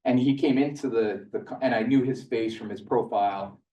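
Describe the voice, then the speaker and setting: A man's voice: mid-range voice, brisk, warm tone. A man giving a live seminar talk, telling stories in a chatty way and acting out both sides of conversations. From Canada. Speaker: seminar speaker. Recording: roomy hall, mic at a distance.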